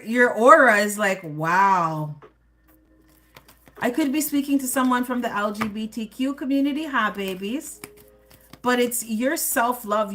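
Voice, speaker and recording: Woman reading tarot cards live, kinda high voice, sassy and chatty, laughing a lot at her own jokes. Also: fairly bright tone. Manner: addresses viewers directly as the collective. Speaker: tarot reader.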